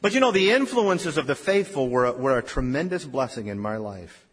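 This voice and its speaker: A man in his fifties preaching a sermon, telling stories and swinging between loud emphasis and hushed, quiet lines. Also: mid-range voice, sing-song, moderate pace, slightly rough. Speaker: pastor. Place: church sanctuary. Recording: long reverb of a church hall.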